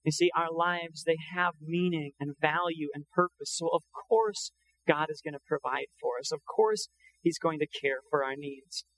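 A man's voice: a little high, level tone, moderate pace, hardly any pauses, fairly bright tone, slight background noise, poor audio. A man preaching a sermon in an earnest, conversational way, often quoting scripture. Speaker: pastor.

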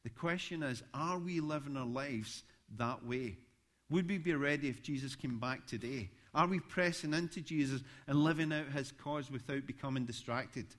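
A man's voice: mid-range voice, moderate pace. A man, a pastor preaching a sermon, telling stories with rising animation. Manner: storytelling, animated when recounting events.

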